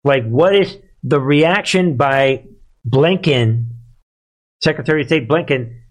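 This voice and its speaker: A man of middling pitch hosts a live commentary stream in a sarcastic, emphatic rant. He leans on words for effect and talks straight to his listeners. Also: slow pace. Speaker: host of a live commentary show.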